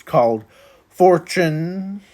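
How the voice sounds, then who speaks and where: A man hosting a casual card review video, talking in a halting way with many restarts. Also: on the high side, expressive, darkish tone. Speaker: video host reviewing custom cards.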